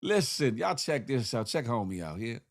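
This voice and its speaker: Animated man hosting a morning show. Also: mid-range voice, normal speed, no room sound, clean studio sound. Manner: animated, playful, acts out quotes in voices. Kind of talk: casual chat with live chat shout-outs.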